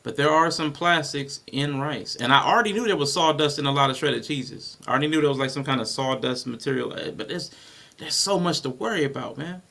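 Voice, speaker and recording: A man's voice: a little high, a little fast, creaky, pushed and bright. A man hosting a casual podcast discussion, rambling and thinking aloud with frequent restarts. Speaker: podcast host.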